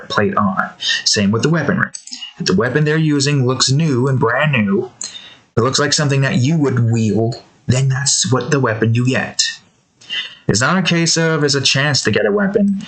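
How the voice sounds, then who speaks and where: A man's voice: medium pitch, fairly bright tone, rough recording. A man giving casual, rambling commentary while he draws, often correcting himself and stopping for breath. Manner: rambling, self-correcting, many fillers. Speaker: drawing video creator.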